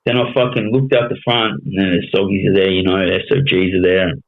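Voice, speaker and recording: On a casual podcast, a guest in his thirties with a broad Australian accent tells his story bluntly, swearing constantly and asking "you know what I mean" again and again. He speaks briskly in a fairly low voice with little pitch movement. The audio is narrow and tinny, like a phone call.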